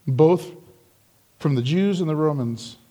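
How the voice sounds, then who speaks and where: A man with a fairly high voice preaching a verse-by-verse sermon. He speaks slowly and deliberately, leaning into emphatic lines when he quotes the crowd. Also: expressive, warm tone, breathy edge. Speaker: pastor. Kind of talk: expository sermon.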